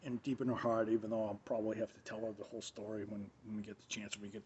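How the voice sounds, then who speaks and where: A man's voice: lowish voice, flat delivery, racing, a little mellow, husky, highs cut off. A man hosting his own show, telling a personal story in a rambling, casual monologue with many restarts, recorded on his phone. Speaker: show host.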